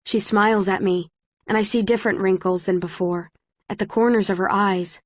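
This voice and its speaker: Woman, first-person audiobook narration, steady measured reading, mid-range pitch, dry close sound. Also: no echo.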